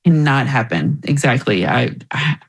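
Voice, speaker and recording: A woman guest in an interview, speaking candidly and reflectively about her experience, with quick asides. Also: extremely low pitch, lively intonation, husky, poor audio. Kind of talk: personal interview talk.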